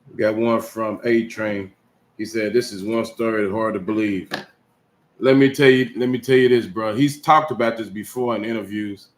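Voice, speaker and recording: A man's voice: lowish voice, steady tone, moderate pace. A man hosting, reading a viewer comment and talking to the audience in an earnest, conversational way. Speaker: host. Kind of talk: casual commentary.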